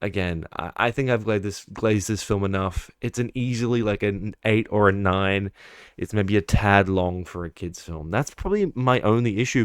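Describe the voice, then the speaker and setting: A man's voice: lowish voice, clean tone, dry recording, studio quality. A young man giving a casual film review, ranting with exasperation and swearing, mocking what he dislikes. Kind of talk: casual monthly movie review.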